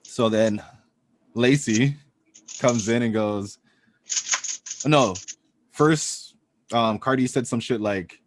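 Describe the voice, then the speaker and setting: A man co-hosting a casual podcast, retelling events and acting out quotes in a loose, animated way. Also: fairly low pitch, measured pace, pauses often, no room sound. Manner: animated storytelling, acts out quotes. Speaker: podcast co-host. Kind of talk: casual chat.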